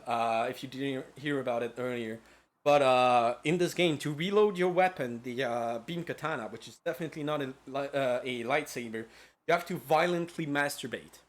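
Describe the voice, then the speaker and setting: A man's voice: medium pitch, normal speed. A man streaming a casual lecture-style game recap, rambling and profane with lots of filler words.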